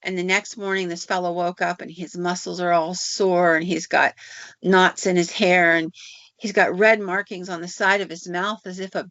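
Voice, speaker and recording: A woman hosting a podcast who tells folk tales in a folksy, conversational way. Her voice is low and gravelly. The recording sounds dry and a bit dull. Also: level tone, moderate pace, a bit bright, no room sound. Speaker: podcast host. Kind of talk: folklore storytelling. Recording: dull lo-fi audio.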